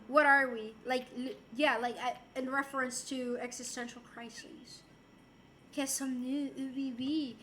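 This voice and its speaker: A woman's voice: sits high, fairly even intonation, moderate pace, sharp tone, a little hiss or hum. A woman from Puerto Rico streaming and chatting casually with viewers, playful and giggly, dropping in Spanish and French phrases. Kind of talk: casual chat reading viewer messages.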